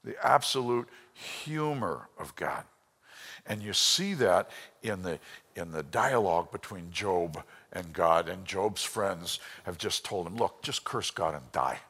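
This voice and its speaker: Low-voiced man teaching a lively sermon. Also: takes it slowly, husky. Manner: storytelling, voices quotes, drops to a whisper. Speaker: Bible teacher. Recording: long hall reverb.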